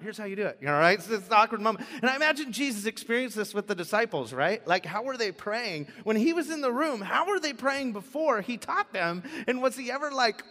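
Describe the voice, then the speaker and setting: A man preaches with a lively, bouncing voice that sits a little high. He jokes his way through a sermon, acting out stammering prayers. His voice rings with the long reverb of a church hall. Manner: playful, animated, acts out stammering prayers. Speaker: pastor.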